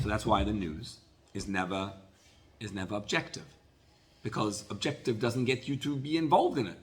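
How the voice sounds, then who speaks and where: A man teaching a Torah class as a rabbi, telling a story in an animated way and often repeating words. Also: on the low side.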